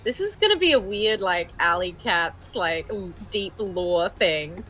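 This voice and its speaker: A woman's voice: mid-range voice, expressive, measured pace, a bit bright, faint music behind, rough recording. A woman playing a tabletop game, speaking thoughtfully and laughing easily. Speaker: player.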